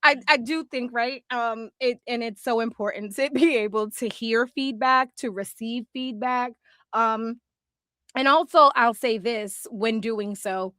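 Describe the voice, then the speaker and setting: A woman co-hosting a podcast in casual chat, animated and laughing often, acting out little quoted exchanges. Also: fairly high pitch, a little slow, dry recording, studio quality. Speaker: podcast co-host.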